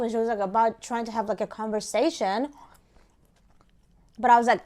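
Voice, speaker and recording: A young woman talks straight to her viewers in a loose, chatty way, telling a story between bites of food. Her voice sits a little high, and she acts out both sides of a phone call with lively quoted lines. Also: a little fast, pauses often. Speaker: food vlogger. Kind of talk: casual storytelling while eating.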